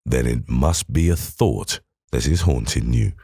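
A calm, exacting detective, as a male narrator puts him on, speaks low and clipped in a deep voice. The reading is dry and close, with no room around it. Each remark lands even and unhurried, the tone of a man long sure of himself. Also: gravelly, breathy edge, dry recording, heavily acted. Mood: cool. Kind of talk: audiobook character voice.

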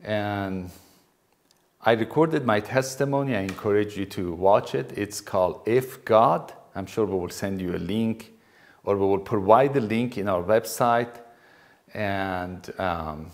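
A man's voice: lowish voice, unhurried. A middle-aged man from Iran, teaching in an earnest talk with frequent restarts. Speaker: Christian teacher.

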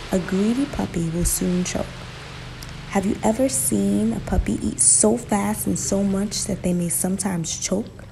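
A woman's voice: medium pitch, vocal fry, background noise. A woman narrating a folk tale and explaining its moral. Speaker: storyteller. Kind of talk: storybook narration.

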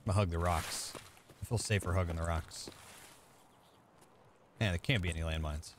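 A man streaming a game live, chatting casually with viewers and thinking out loud as he plays. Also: sits low, moderate pace, noisy background. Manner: chatty, thinking aloud, talking to chat. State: out of breath. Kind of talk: casual live-stream chat while gaming.

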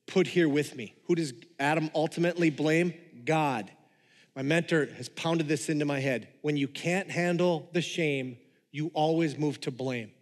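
A pastor delivering a sermon in a conversational manner, joking with the congregation. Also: male voice, fairly high pitch, big-room sound.

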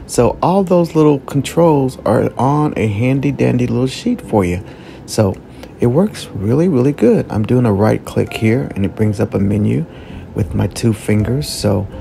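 A man's voice: medium pitch, creaky, mellow, slight background noise. A man hosting a casual product review vlog, talking in a chatty, upbeat way and repeating words for emphasis.

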